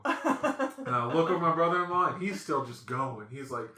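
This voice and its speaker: Animated storytelling man, echoey room. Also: fairly high pitch, brisk. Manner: animated, acts out voices in his stories. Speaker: podcast host. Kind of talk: casual storytelling chat.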